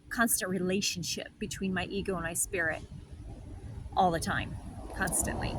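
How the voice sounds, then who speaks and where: Soft-spoken woman giving a reflective spiritual talk. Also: mid-range voice, a little hiss or hum, poor audio. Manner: soft, meandering, heartfelt. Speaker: spiritual healer and host.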